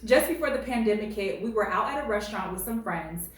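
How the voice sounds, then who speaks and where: A woman in her late twenties reads online stories at home and gives her own animated, sassy commentary. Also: medium pitch, fast talker, heavy reverb, far from the mic, rough recording. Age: late 20s. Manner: animated, sassy, laughs a lot. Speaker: reddit story reader and commentator. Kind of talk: casual commentary vlog.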